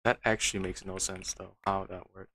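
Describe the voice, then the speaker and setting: A man's voice: low voice, flat delivery, a little fast, sharp tone. A man streaming a game, muttering to himself with frustrated, disbelieving outbursts. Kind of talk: casual gameplay commentary.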